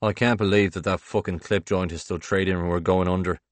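Bitter male coworker, dark and sweary, put on by a low-voiced male narrator. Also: steady tone, brisk, no room sound, lightly acted.

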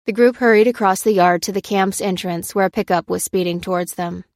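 Woman reading a story out, steady, dry close sound. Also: medium pitch, a little fast, no room sound. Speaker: audiobook narrator. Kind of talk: scripted fiction narration.

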